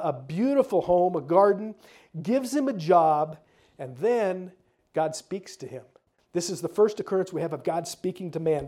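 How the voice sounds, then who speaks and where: A man's voice: on the high side, warm tone. A male pastor preaching a conversational sermon, with casual asides and repeated words.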